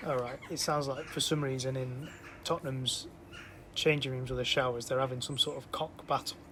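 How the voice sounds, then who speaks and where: A man's voice: medium pitch, steady tone, normal speed, background noise. An English man co-hosting a podcast, chatting casually and throwing in wry puns. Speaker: podcast co-host. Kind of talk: casual chat.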